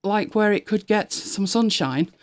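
A woman chatting casually on a live stream, laughing often and switching to a high sing-song voice when she talks to her dog. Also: lively intonation, a little slow. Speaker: vlogger.

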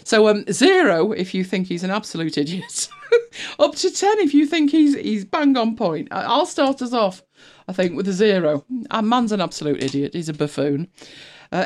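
Co-host rambling away on a chat show, loads of ums and restarts, mid-pitched voice. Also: big pitch swings, moderate pace. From United Kingdom. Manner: rambling, chatty, many fillers and restarts, laughs often. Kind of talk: casual panel chat.

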